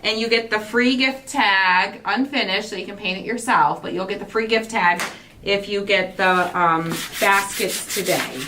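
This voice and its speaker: A woman's voice: medium pitch, moderate pace. A woman hosting a crafting livestream, chatting in a gushing, rambling way while she works. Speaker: craft show host. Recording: distant mic with faint noise.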